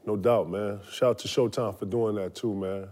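A man's voice: lowish voice, fairly even intonation, normal speed, a little mellow, a little hiss or hum. A man in his forties co-hosting a casual sports talk show, laid-back and full of slang, sticking stubbornly to his opinions. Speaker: podcast co-host.

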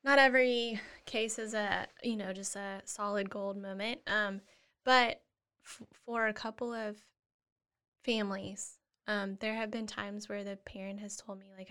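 Woman, podcast guest, earnest, casual interview chat, medium pitch. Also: fairly even intonation, measured pace, clear, resonant tone. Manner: earnest, acts out gentle parent dialogue. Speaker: guest, family therapist.

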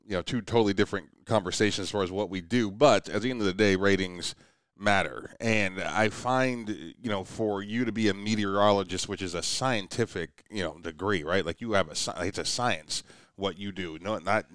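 A male podcast host asks long, rambling questions in a relaxed interview. His voice is low, smooth and resonant, recorded close and dry. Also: moderate pace, no room sound. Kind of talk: casual interview.

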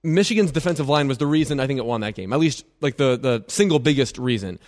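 A man co-hosting a sports radio show, bantering quickly with animated delivery. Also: medium pitch. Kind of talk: casual sports talk.

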